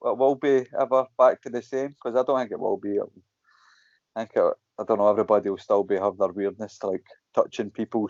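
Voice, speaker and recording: A man's voice: on the low side, no echo, muffled recording. A Scottish man, a mixed martial arts fighter, chatting casually as a guest, telling stories with lots of swearing and acting out what people said. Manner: animated storytelling, frequent swearing, acts out quotes. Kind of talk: casual chat.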